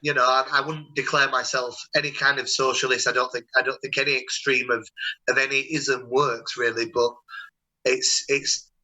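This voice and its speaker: A young man hosting a relaxed call, telling stories in a rambling, chatty way with plenty of restarts. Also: mid-range voice, normal speed, poor audio. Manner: chatty, rambling, warm storytelling with many restarts. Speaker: host. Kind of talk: casual video-call chat.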